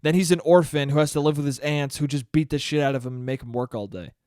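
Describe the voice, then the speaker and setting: A man's voice: fairly high pitch, fast, a little mellow, clean tone, dry recording, clean studio sound. A young man hosting a casual solo podcast, rambling in a profane, jokey way. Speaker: podcast host.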